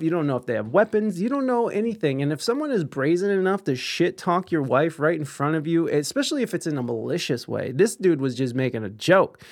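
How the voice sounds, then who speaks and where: A man's voice: fairly high pitch, a little mellow. A young man in casual chat, telling a story with lots of swearing, restarts and self-deprecating humor.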